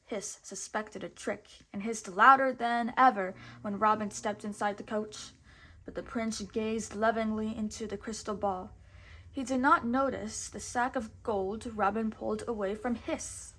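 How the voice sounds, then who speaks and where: A woman teacher reading a storybook aloud slowly and carefully. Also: medium pitch, fairly even intonation, pushed and bright.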